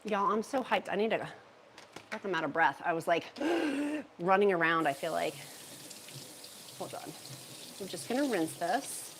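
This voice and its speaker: A chatty, bubbly woman hosts a casual livestream from her home kitchen. Her voice sits a bit low for a woman. She talks into a handheld phone as she reads out viewer comments. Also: animated, measured pace, long pauses, slight background noise. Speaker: livestream host. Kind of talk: casual livestream chat while meal prepping.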